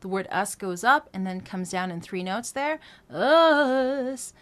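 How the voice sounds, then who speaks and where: A woman's voice: mid-range voice, lively intonation, normal speed, background noise. A woman vocal coach teaching a singing lesson, explaining phrases note by note in a conversational way. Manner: explains step by step, breaking phrases into notes; conversational, frequent "right?" and "um".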